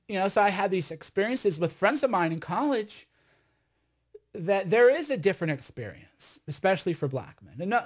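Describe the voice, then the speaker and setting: Man, high voice, loud, rambling, emphatic, casual storytelling monologue. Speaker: online commentator.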